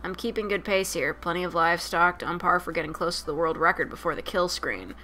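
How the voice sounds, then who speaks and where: A woman reading the lines of a calm, focused man who plays arcade games, in her own plain voice with no accent. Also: fairly low pitch, a little fast. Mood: matter-of-fact. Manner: plain read, no attempt at an accent. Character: calm focused male arcade high-scorer.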